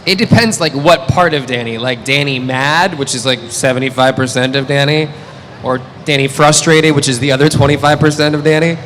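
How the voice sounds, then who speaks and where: A man talking as a guest on a convention panel, animated and jokey with bursts of quick talk. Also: mid-range voice. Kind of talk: playful panel banter. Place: convention stage hall with audience. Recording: reverberant hall, faint background noise.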